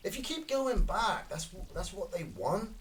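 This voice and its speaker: Excitable Scottish man swearing over gameplay. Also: high-pitched, normal speed, slight background noise. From Scotland. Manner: excitable, swearing, reacting loudly to kills. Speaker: gaming streamer. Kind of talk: casual live gameplay commentary.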